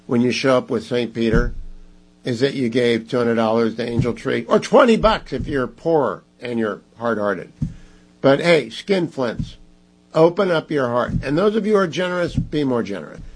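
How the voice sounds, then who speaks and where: A man's voice: medium pitch, husky, low-quality recording. A man hosting a talk radio show, speaking emphatically and pressing listeners to give. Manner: emphatic, pleading and scolding listeners.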